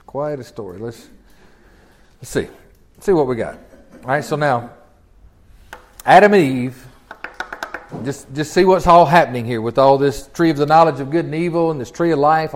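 A man leading a conversational Bible study, reading scripture aloud and explaining it, often repeating words and asking rhetorical questions. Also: on the high side. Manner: repeats words and restarts phrases. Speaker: Bible teacher.

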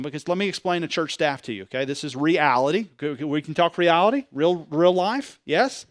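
A man, a pastor preaching a sermon in a conversational way, swinging between loud emphasis and quiet asides. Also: a little high, lively intonation, a little fast, few pauses, dry recording, studio quality.

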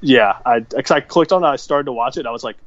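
A man's voice: mid-range voice, fast, no room sound. Laid-back guy on a muffled call. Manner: laid-back, swears, mocking impressions. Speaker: podcast co-host. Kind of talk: casual chat. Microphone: remote call.

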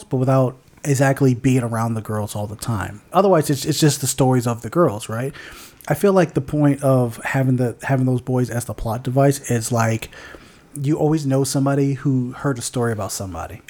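A man's voice: mid-range voice, dark tone. Rambling male movie podcast co-host. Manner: rambling, searching for words; swears casually. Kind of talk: casual movie-review chat.

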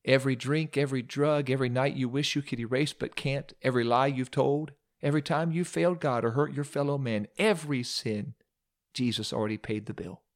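A man's voice: mid-range voice, brisk. Dramatic storytelling preacher, a man. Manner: dramatic, with humorous asides. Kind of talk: sermon storytelling.

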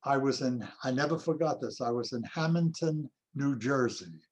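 An older male actor reminiscing in an interview, telling anecdotes in an unhurried way. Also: mid-range voice. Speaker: actor guest.

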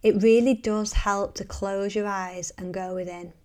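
A woman hosting a motivational podcast, speaking earnestly and encouragingly before easing into a soft, hushed guided visualization. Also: mid-range voice, steady tone. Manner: earnest and encouraging, softening to a hushed, slow delivery. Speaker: podcast host and meditation guide.

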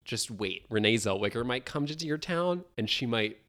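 A man co-hosting a podcast in casual chat, animated, laughing often and acting out what others said. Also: mid-range voice, normal speed. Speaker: podcast co-host.

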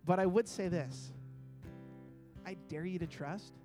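A man with a fairly high voice preaches from a church stage into a microphone. He talks in an earnest, conversational way and acts out short quoted asides. Soft guitar plays faintly behind him. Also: unhurried. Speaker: pastor. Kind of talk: sermon.

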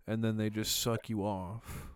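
A man's voice: fairly low pitch, flat delivery, measured pace, smooth, no echo, studio quality. A man co-hosting a podcast, delivering crude jokes in casual banter and laughing often. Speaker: podcast co-host.

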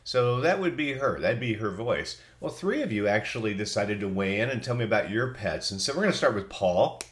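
A man's voice: lowish voice, expressive, brisk. A middle-aged man with a cold, hosting a podcast in a chatty, folksy way as he reads out listener answers. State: has a cold. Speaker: podcast host. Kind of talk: casual solo podcast reading listener answers.

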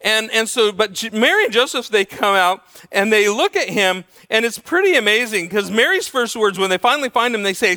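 A male pastor preaching a sermon, telling stories in an animated way and acting out the voices of the people he quotes. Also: high voice, a little fast, few pauses, long reverb tail.

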